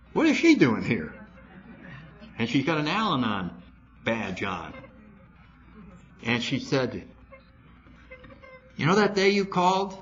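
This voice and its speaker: An older man speaking at a recovery meeting, telling a story and acting out both sides of his conversations in an animated way. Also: medium pitch, lo-fi sound.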